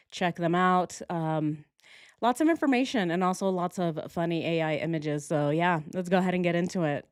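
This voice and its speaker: A woman hosts a relaxed reaction stream, chatting to her viewers and laughing easily between thoughts. Her voice sits in a middle range, recorded close and dry with no room around it. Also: medium pitch, clean tone, no room sound. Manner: chatty, laughs often, reads out viewer comments. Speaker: host. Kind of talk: casual reaction stream chat.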